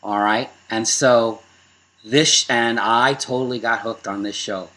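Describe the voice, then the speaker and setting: A man with a Brooklyn accent, co-hosting a casual chat and telling animated stories with frequent laughter. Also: medium pitch, a little slow. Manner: animated storyteller, laughs often. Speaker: co-host.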